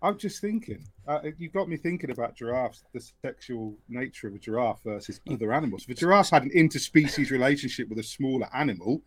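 A man's voice: mid-range voice, animated, fast, few pauses. A man with a mid-range voice chats on a podcast. He wanders into joking asides and nostalgic memories in an easy, casual way. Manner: joking tangents, reminiscing. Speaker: podcast co-host. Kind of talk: casual chat.

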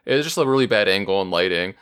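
A man's voice: low-pitched, animated, very fast, a bit bright, smooth. A man co-hosting a podcast who rambles through stories and reads out listener email. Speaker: podcast co-host. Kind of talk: casual chat, reading listener email.

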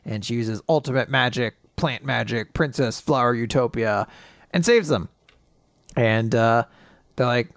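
A man co-hosting a casual podcast, retelling manga chapters with animated delivery and quick character voices. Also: medium pitch, creaky, no echo, studio quality. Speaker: podcast co-host.

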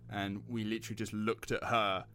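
A man's voice: lowish voice, little pitch movement, brisk, sharp tone. A British man hosting a casual podcast, chatting and telling rambling stories with lots of fillers. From Britain. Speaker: podcast host.

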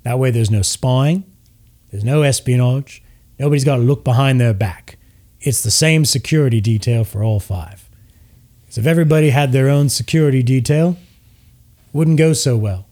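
A man playing a cynical male security chief explaining the town's order in a tabletop game. He talks plainly and wearily, a bit lower than usual. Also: moderate pace, warm tone, natural voice. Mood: wry.

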